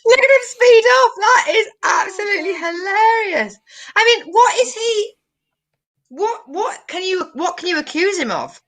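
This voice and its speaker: A woman co-hosting a comedic news chat, animated and quick to exclaim. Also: extremely high pitch. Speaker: co-host.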